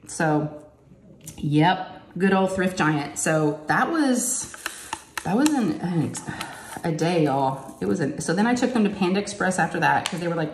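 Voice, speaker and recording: Middle-aged woman, chatty home vlogger, slightly low voice, echoey craft room. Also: animated, moderate pace. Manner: chatty storyteller who acts out quotes in a higher voice. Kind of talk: casual chat while diamond painting. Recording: echoey room, faint noise.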